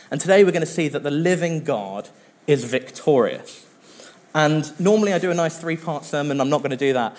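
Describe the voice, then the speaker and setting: A male pastor preaching a sermon in an earnest, conversational way, with now and then a filler pause. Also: on the high side, a little mellow.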